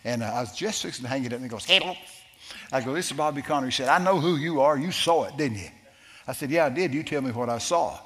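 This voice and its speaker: A man preaching and spinning a tale from the pulpit, his voice landing at an everyday pitch. He bursts into shouts whenever he quotes someone. A long reverb trails each phrase around the hall. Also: fast. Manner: animated, shouting quoted lines. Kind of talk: sermon storytelling.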